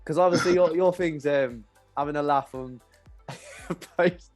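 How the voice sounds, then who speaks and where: A man's voice: a little high, normal speed, a little mellow, soft background music. A man hosting a podcast in a casual chat, laughing often and calling his guest brother. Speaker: podcast host.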